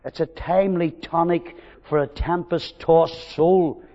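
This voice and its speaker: Fervent preacher in a hall. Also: male voice, on the high side, a little slow, few pauses. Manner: swings from loud fervent preaching to hushed intimate storytelling. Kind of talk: sermon. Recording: dull recording with long hall reverb.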